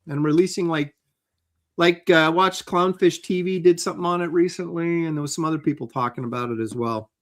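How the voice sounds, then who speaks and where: A man chatting casually on a livestream about the comics business. His voice sits a little high, and he hesitates often, searching for words. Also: a little fast, fairly bright tone. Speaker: comic book artist.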